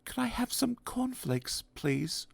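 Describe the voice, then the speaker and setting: Guy doing a tiny timid whisper-voice storybook man, soft and high, scared of noise. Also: level tone, a little slow, vocal fry, far from the mic.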